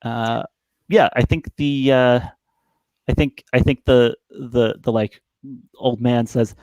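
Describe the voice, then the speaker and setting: A man narrating as game master of a tabletop game, halting and full of fillers. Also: medium pitch, fairly even intonation, darkish tone, no echo. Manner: rambling, halting, many fillers.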